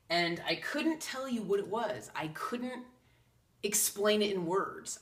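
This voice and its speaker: A woman's voice: mid-range voice, lively intonation, slow pace. A woman casually talking to camera about spiritual ideas in an earnest, chatty way, slipping into quoted asides. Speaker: psychic channel host. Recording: roomy echo, from a distance.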